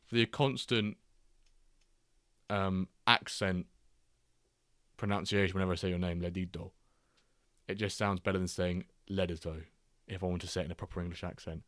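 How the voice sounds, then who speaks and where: A man's voice: sits low, fairly bright tone, no room sound, studio quality. A man hosting a casual football watchalong livestream, chatting loosely, reading out viewer messages and making jokey asides. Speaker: livestream host.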